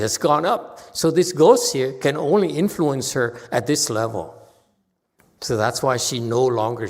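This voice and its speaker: Man teaching in a reverberant hall. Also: mid-range voice. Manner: animated, chuckling, repeats himself. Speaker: Buddhist teacher. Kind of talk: Dharma talk and Q&A.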